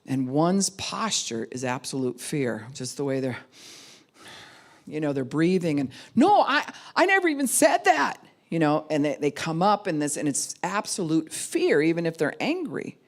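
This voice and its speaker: A woman's voice: low voice, animated, normal speed, a little mellow. A middle-aged woman pastor giving a conversational sermon, acting out the people she quotes. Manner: conversational, acts out quoted voices. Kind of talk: sermon teaching.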